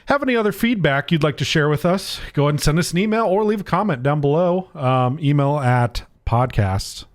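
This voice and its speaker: A man's voice: on the high side, animated, a little fast. A man co-hosting a casual gaming podcast, laid-back and hesitant, with many ums and restarts. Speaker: podcast co-host.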